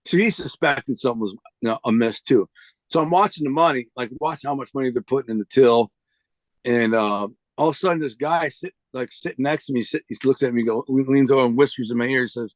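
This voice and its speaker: Brief: man, street slang storyteller, medium pitch, dry close sound. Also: fast, no echo. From United States. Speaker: interview guest. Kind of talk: casual storytelling.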